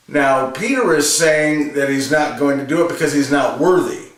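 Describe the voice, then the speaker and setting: A man's voice: fairly high pitch, lively intonation, moderate pace, roomy sound, distant mic. A man giving an earnest homily, repeating phrases for emphasis. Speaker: religious reflection presenter.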